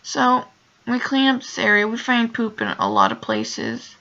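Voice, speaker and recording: A woman's voice: on the high side, wildly swooping pitch, measured pace, pushed and bright, highs cut off. A young woman telling a story in a casual vlog, emotional and close to tears, rambling with many fillers. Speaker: vlogger.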